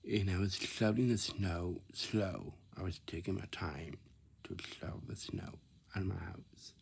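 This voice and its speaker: A man telling a rambling casual story, repeating himself and dropping into soft whispers. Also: sits low, a little slow, vocal fry, husky. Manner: repetitive, restarts phrases, drops into soft whispers.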